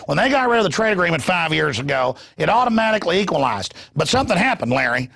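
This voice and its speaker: A man doing a lecturing older politician, exasperated and insistent, hammering his point again and again. The voice is pitched a little high and has a gravelly rasp. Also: big pitch swings, fast talker, pushed and bright, full character voice. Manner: insistent, lecturing, repeating a name. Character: impression of exasperated older male businessman-politician.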